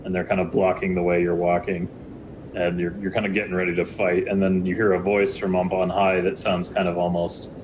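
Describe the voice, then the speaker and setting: A man's voice: low-pitched, little pitch movement, brisk, noisy background. A man narrating a tabletop game as game master, telling the scene loosely and rambling over voice chat.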